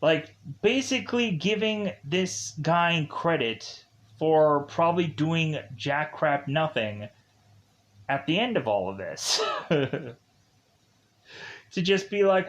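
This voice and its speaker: A man's voice: a little high, expressive, takes it slowly. A man casually recapping a film as a reviewer, rambling with lots of fillers and restarts and laughing at his own tangents. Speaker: movie reviewer.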